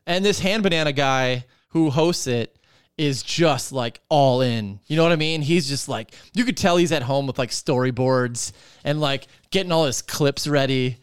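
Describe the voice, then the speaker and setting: A podcast host rants in casual chat, swearing a lot and filling his talk with fillers in a profane, rambling, animated way. His voice is mid-range with a clean tone, and he speaks at a moderate pace. The studio recording is clean, with no room sound.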